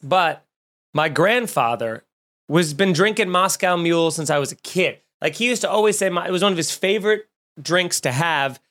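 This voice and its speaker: A young man who is a podcast host and comedian tells rambling, joking stories in casual chat, restarting himself often. His voice sits high and a bit bright, expressive and at normal speed.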